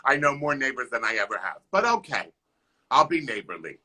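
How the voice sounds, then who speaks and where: A man's voice: medium pitch, very animated, a little fast, pushed and bright. A man doing a playful, theatrical comic monologue on a live stream, scatting rhythms aloud. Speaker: comedian guest.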